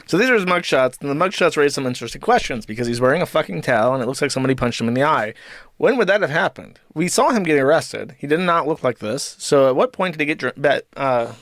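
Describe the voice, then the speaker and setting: A young adult man rambles through live stream commentary, swearing freely and firing off quick asides. His voice sits a little higher than most men's. The sound is dry and close, with no room echo. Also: animated, a bit bright. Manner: profane, rambling, fast asides.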